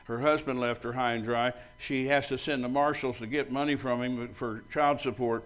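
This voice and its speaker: Speaking at a moderate pace with a steady tone and an ordinary middle pitch, an older pastor preaches a sermon to his congregation. His style is blunt and story-driven, and he voices both parties in past conversations. Joking with the crowd makes him loud and bold.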